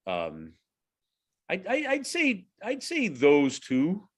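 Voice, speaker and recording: A hockey radio broadcaster in his forties tells a story on a casual podcast, lively but halting, often restarting his sentences. His voice sits high and is slightly rough.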